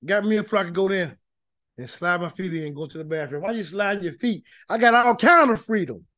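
Male Bible teacher, high voice, dry close sound, folksy and emphatic, repeats himself. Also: animated, brisk, fairly bright tone, no room sound. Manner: folksy, emphatic preaching with many repeated words. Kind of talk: informal Bible study teaching.

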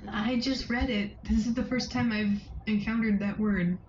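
A woman's voice: mid-range voice, steady tone, normal speed, a little mellow, echoey room, recorded from a distance. A woman co-hosting a casual podcast, making dry, teasing remarks, on a slightly muffled recording with faint noise. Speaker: podcast co-host. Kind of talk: casual chat.

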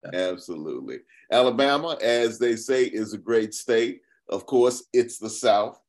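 A man hosting a podcast interview, talking in an expressive, reflective way with many restarts. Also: medium pitch, moderate pace. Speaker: podcast host. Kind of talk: conversational interview.

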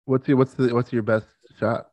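A man in his thirties co-hosting a podcast in casual chat, chatty and quick to laugh, often acting out quotes. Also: medium pitch, level tone, darkish tone. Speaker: podcast co-host.

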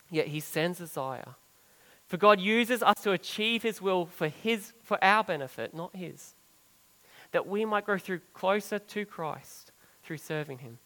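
High-voiced man preaching earnestly. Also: long reverb tail, low-quality recording. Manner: earnest preaching that swells for emphasis and drops soft and low on key phrases. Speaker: pastor. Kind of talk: sermon.

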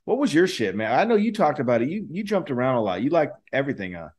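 Male podcast co-host, mid pitch, streetwise slangy banter, heavy cursing. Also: big pitch swings, fast talker, a little mellow, slightly rough. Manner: slangy, profane banter with lots of "bro" and fillers. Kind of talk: casual chat.

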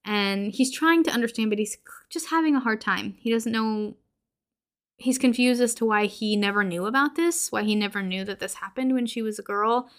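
A woman's voice: fairly high pitch, normal speed. A woman hosting a horror podcast, recapping a movie in a chatty way full of filler words.

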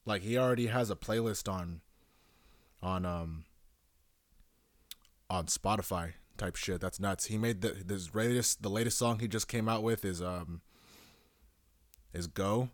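A man's voice: lowish voice, measured pace, pauses often, no echo. A young man hosting a solo podcast, rambling casually with lots of swearing and restarts. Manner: rambling, profane, self-correcting. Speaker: podcast host.

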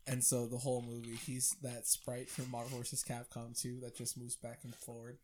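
A man co-hosting a podcast, calmly pitching absurd ideas in a deadpan, joking way. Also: normal speed, slight background noise. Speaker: podcast co-host. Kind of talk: crude comedic banter.

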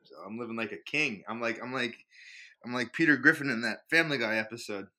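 A man's voice: medium pitch, fast talker, sharp tone. An American man chatting casually as a podcast co-host, rambling through a story with lots of fillers and laughs. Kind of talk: casual chat.

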